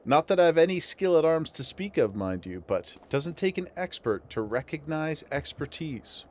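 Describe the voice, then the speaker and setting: A man reading aloud the lines of a rough-talking townsman from a game, in colloquial dialect grammar. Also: a little high, very animated, normal speed, a little hiss or hum.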